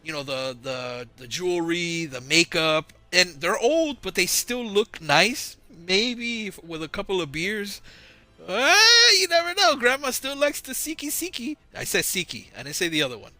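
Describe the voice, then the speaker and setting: A man's voice: high voice, big pitch swings, normal speed, pushed and bright, no room sound. A man hosting his own channel, telling a story in a casual, slangy, rambling monologue on a close mic. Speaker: channel host. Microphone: close mic, audio-only recording.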